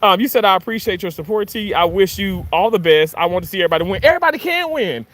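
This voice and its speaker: High-voiced Mississippi man chatting live. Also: expressive, quick pace, fairly bright tone. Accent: Mississippi Southern. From Mississippi, USA. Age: 30s. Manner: chatty, laughs often, filler-heavy. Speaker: livestream host. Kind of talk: casual livestream chat reading comments.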